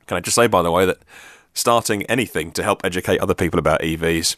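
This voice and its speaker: A man's voice: deep voice, fast talker, a bit bright, dry recording. A man hosting a solo podcast, reading out listener messages with chatty, self-mocking asides. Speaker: podcast host.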